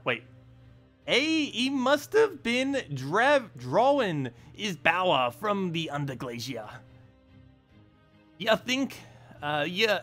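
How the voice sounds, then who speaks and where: Brash, insulting dwarf warrior with a wobbly Scottish brogue, bouncy high delivery, as a man puts him on. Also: fairly bright tone, exaggerated voice. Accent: attempted Scottish brogue. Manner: hammy, stumbling read of game dialogue.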